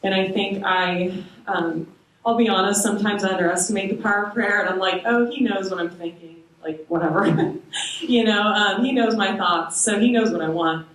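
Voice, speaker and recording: A young woman sharing a personal faith testimony with a small moms' group, hesitant, with frequent ums and soft laughs. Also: medium pitch, fairly even intonation, moderate pace, a little hiss or hum. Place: church meeting room. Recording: echoey room, voice from far off.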